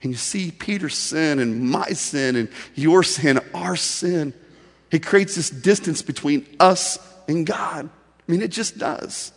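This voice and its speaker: A male pastor preaching a sermon in a storytelling way, swinging from loud emphasis to soft, intimate delivery. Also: fairly high pitch, slow, big-room sound.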